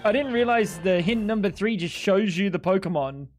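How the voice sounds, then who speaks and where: A live streamer giving casual, excitable gaming commentary to chat, swearing often and mocking their own mistakes. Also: medium pitch, normal speed, few pauses, faint music behind. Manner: excitable, profane, self-mocking banter.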